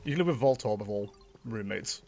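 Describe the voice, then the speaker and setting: Guy livestreaming a game, chatty and bouncy, pitch all over the place. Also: brisk, gravelly, soft background music. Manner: chatty, animated, laughs often, talks to chat and game characters. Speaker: game streamer. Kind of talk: casual livestream chat.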